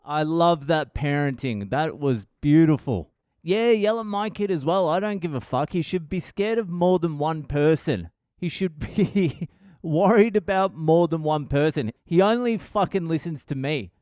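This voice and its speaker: A man's voice: fairly high pitch, lively intonation, measured pace, darkish tone, no room sound, studio quality. A middle-aged Australian man hosting a podcast, telling stories in a blunt, profane, rambling way. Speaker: podcast host. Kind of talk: casual storytelling monologue.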